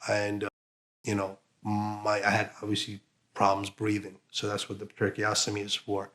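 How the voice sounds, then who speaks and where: A man giving an emotional personal account as an interviewee, halting, with many fillers and restarts. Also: on the low side, completely flat delivery, a bit bright.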